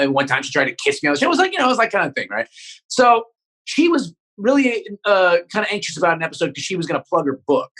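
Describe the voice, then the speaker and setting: A man's voice: on the high side, pushed and bright, poor audio. A man who is a comedian guest on a podcast, telling a story in casual chat, rambling and swearing with many restarts.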